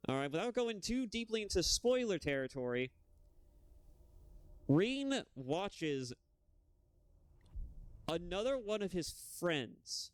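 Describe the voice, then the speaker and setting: A man's voice: high-pitched, very animated, slow, long pauses, clear, resonant tone, no room sound. A young man ranting profanely and rambling in a casual chat while streaming a game. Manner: profane, heated, rambling rant. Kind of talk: casual gaming-stream rant.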